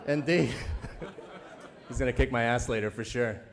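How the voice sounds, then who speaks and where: A man's voice: mid-range voice, unhurried, creaky, some chatter behind. A man delivering a comedy roast at a charity banquet, chuckling through his jokes and teasing the guest of honor. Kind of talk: stand-up roast set. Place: banquet event before a live audience.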